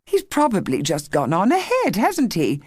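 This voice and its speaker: A woman's voice: mid-range voice, wildly swooping pitch, normal speed, darkish tone, slightly rough, no room sound, studio quality, voice pushed up. A woman doing a fretful, fussing mother. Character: fussing middle-aged mother, strung up.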